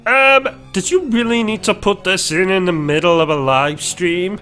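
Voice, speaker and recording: Man playing a meek, high, bright-toned assistant, slow and umming, faint music behind. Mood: hesitant. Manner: starts nearly every line with a nervous "um" or "uh". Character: timid, hesitant male sidekick assistant.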